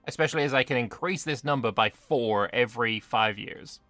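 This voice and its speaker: A man's voice: medium pitch, normal speed, fairly bright tone, no echo, soft background music. A British man streaming a strategy game, bantering with chat and swearing casually. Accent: British English. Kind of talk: gaming livestream commentary.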